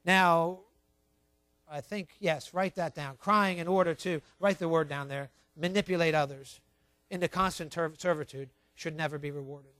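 High-voiced emphatic male preacher. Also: dry recording. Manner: emphatic, repeats key points, tells listeners to write things down; swings between quiet asides and loud stressed words. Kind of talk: sermon on child training.

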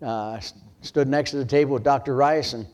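An older man from Michigan preaching a sermon as pastor, telling his story in a hushed voice and then rising to loud pleading. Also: mid-range voice, a little fast.

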